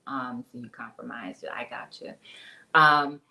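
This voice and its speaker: A woman's voice: very deep voice, steady tone, unhurried, gravelly, sharp tone. A woman hosting a casual ministry talk show, chatting and reading out viewer comments. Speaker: host.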